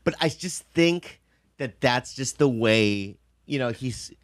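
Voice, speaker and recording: A man's voice: medium pitch, takes it slowly, dry recording. Comedian guy rambling thru a story, keeps asking right?, dry close sound. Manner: animated, acts out voices in his stories. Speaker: comedian and actor. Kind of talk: casual chat.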